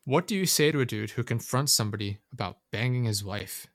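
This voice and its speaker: A man's voice: medium pitch, fairly quick, no room sound. Blunt, profane man, dry close sound. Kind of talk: casual chat.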